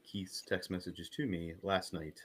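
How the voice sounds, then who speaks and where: A man's voice: deep voice, steady tone, a little slow, a bit bright, slightly rough. A man co-hosting a sports podcast, recapping games in casual chat with an announcer-like lilt. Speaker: podcast co-host.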